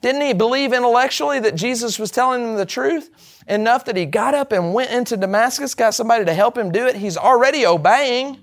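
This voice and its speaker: A man's voice: very high voice, fairly quick. A man teaching a Bible class, speaking emphatically and putting rhetorical questions to the group.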